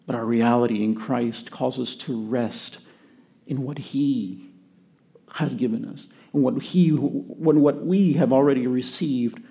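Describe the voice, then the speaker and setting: A man preaching a sermon to his church in an earnest way, often dropping to a quiet voice for emphasis. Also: medium pitch, a little slow, vocal fry. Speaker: pastor.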